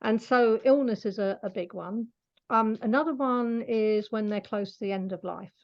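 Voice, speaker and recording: A woman's voice: a little high, moderate pace, highs cut off. A woman being interviewed as an animal communicator, chatty and laughing often as she explains patiently. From Scotland. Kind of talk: casual interview talk.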